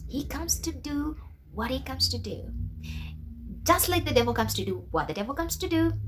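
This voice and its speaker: A young woman talks to her camera in a casual vlog, telling her story with emphasis and calling out to God along the way. Her voice sits fairly high and swings widely in pitch. Faint noise hums behind her. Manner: animated and emphatic, with religious exclamations. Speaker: vlogger.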